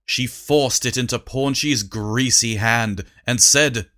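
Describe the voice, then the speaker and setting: Audiobook narrator, mid pitch, slow pace, measured storybook reading. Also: a bit bright.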